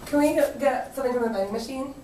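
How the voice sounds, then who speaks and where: A woman's voice: high voice, fast. A young woman chatting casually with a friend, teasing and dry, in an indoor vending room picked up by the companion's handheld camera. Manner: teasing and dry, calmly settling him down. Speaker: friend on a vlog. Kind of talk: casual chat. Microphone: handheld camera held by a companion. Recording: hissy handheld camera audio.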